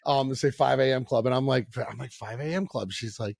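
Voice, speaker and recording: A man hosts a podcast in an easygoing, rambling way, circling back and restarting his sentences. His voice has a gravelly, fried edge. The sound is dry and close, with no room around it. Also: mid-range voice, a little fast, hardly any pauses, dry recording. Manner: relaxed, rambling, many restarts. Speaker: podcast host. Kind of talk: casual conversation.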